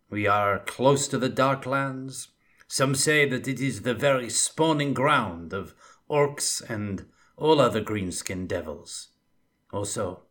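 A man's voice: fairly low pitch, fairly bright tone. A man voicing a sardonic fur-clad scout with a put-on Bretonnian, French-like accent. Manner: sardonic, wry.

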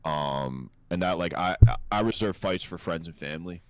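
A man's voice: deep voice, normal speed, fairly bright tone, clean tone, no room sound. A man co-hosting a podcast, telling stories in a laid-back, profane, casual way. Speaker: podcast co-host. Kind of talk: casual storytelling chat.

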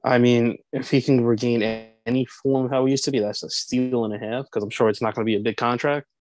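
A young man co-hosting a sports podcast, talking in a measured, casual way and weighing each point with questions he answers himself. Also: medium pitch, steady tone, darkish tone. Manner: measured, hedging, asks and answers his own questions. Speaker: podcast co-host.

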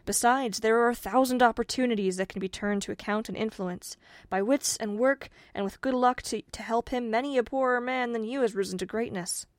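A woman voicing Good Luck, a wise and patient male godfather spirit, speaking in calm, measured counsel during a storybook reading. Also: a little high, no echo, clean studio sound, pitched above the performer's own voice, lightly acted.

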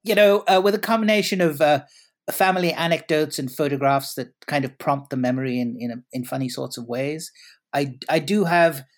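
A man's voice: on the high side, fairly quick. A middle-aged man from India with a blended Indian and British English accent. He is a journalist being interviewed, speaking casually in a wry, hesitant way and often repeating words. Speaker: guest, journalist and columnist.

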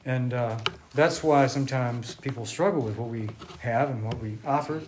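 Male preacher, mid-pitched, relaxed sermon delivery with restarts, explaining from a board. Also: a little hiss or hum. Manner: unhurried, thinking aloud with restarts, drawing on a board.

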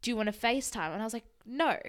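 A woman's voice: on the high side, rapid-fire. A young woman co-hosting a casual chat, talking in a loose, chatty way full of "like" and frequent laughter. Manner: chatty, heavy use of "like", laughing often. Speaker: podcast co-host.

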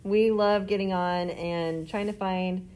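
A woman with a mid-range voice talks like a teacher on a class podcast. She sounds relaxed and conversational, and she teases her students with obvious fondness. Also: medium pitch, takes it slowly. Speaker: middle school teacher. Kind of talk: casual podcast chat with students.

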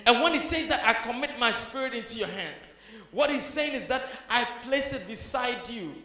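A man preaching a sermon, moving from hushed passages up to shouted emphasis. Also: high-pitched, lively intonation, a little fast, echoey room.

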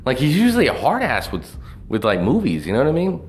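A man's voice: medium pitch, huge pitch swings, quick pace, a little hiss or hum. A man ranting casually about movies, profane and rambling, with lots of fillers and restarts. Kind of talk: casual movie review rant.

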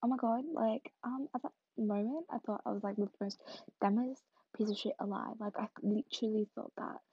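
This podcast host is a weary young woman whose husky, slightly high voice stays steady at a normal speed as she rambles through a story full of fillers, occasionally whispering. The lo-fi recording is muffled but has no echo.

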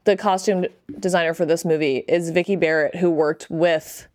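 A woman's voice: fairly low pitch, fairly even intonation, normal speed, a little mellow. A woman co-hosting a podcast, chatting casually about movies, laughing often and swearing freely. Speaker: podcast co-host.

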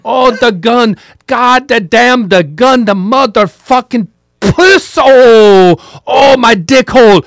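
A man putting on a furious foreign man shouting curses while in pain. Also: extremely high pitch, slow, dry recording, clean studio sound, pitched above the performer's own voice, exaggerated voice. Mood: pained cursing. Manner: shouting strings of obscenities.

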